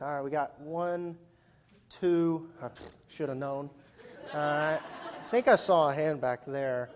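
Man preaching to a congregation. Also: on the high side. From Virginia. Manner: conversational, asks the congregation questions, wry asides. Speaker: pastor. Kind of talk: sermon. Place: church hall before a congregation.

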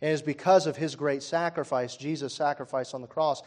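Impassioned preacher man with a fairly high voice. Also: steady tone, a little fast. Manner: swings from quiet storytelling to loud impassioned preaching, with many fillers. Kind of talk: sermon.

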